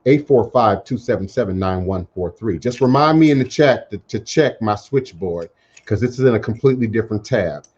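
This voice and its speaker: A man hosting a call-in talk radio show, speaking in measured, emphatic, repeated phrases. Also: lowish voice, animated, darkish tone. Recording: dull lo-fi internet radio audio.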